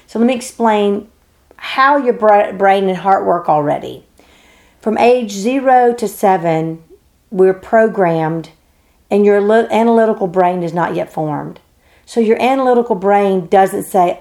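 A woman's voice: mid-range voice, moderate pace, gravelly, warm tone. A woman teaching in an earnest, emphatic way, briefly acting out the voices she quotes. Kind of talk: explanatory teaching talk.

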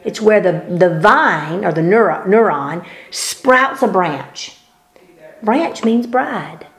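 A woman's voice: mid-range voice, animated, slow pace. A woman giving a fervent, preaching-style talk in conversation, emphatic and repeating her words as she builds to peaks. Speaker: speaker sharing faith teaching.

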